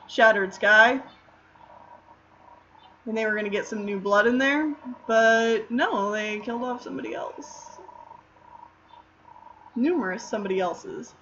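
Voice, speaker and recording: A woman's voice: on the high side, unhurried, long pauses, fairly bright tone, dull audio, slight background noise. A woman streamer chatting casually while drawing, answering questions in a rambling way with lots of fillers.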